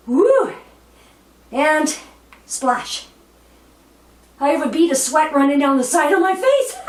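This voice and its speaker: A fairly high-voiced woman leads a floor workout at an unhurried pace, chatty, laughing at herself, with cheerful whoops. She sounds slightly out of breath from exercising. The camera mic sits some way off in a roomy, echoing space. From Canada. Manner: calm cueing with bursts of cheerful whoops. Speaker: fitness instructor. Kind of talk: guided exercise instruction. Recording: roomy echo, voice from a distance.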